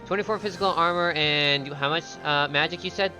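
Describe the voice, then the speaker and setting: A man's voice: fairly high pitch, fairly quick, music in the background. A man chatting casually while playing a video game with friends, eager for gear but hesitant, with many fillers. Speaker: game streamer, player. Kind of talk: casual gaming chat.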